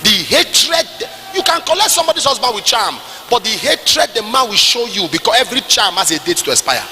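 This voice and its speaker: A man with a Nigerian English accent preaching a sermon at a church service, moving between quiet asides and shouted, sing-song passages. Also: very high-pitched, animated, a little fast, in a large hall, slight background noise. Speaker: pastor.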